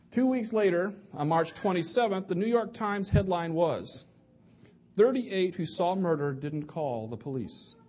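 Man preacher, slightly high voice, casual sermon delivery, stumbles and repeats words, slows for quotes. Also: a little mellow. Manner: conversational, restarts and repeats words. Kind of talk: evening sermon to a congregation.

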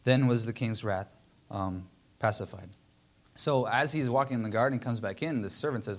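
Male preacher, lowish voice, reads scripture then paraphrases it loosely with fillers. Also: brisk. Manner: frequent fillers, restarts. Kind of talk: Bible reading and retelling.

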